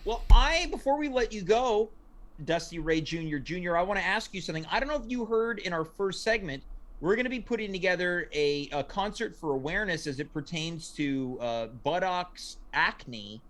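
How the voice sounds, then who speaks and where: A man's voice: sits high, lively intonation, moderate pace, fairly bright tone. A man hosting a comedic talk show. He interviews his guest politely and earnestly, with straight-faced follow-up questions.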